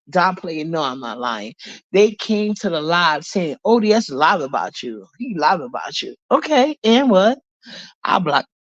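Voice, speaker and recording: A woman's voice: fairly low pitch, a bit bright, dry recording. A woman with a bad cold, venting angrily and profanely on a live stream, repeating herself to defend her point. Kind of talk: heated live-stream rant. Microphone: phone on a live stream, camera off. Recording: dull lo-fi stream audio.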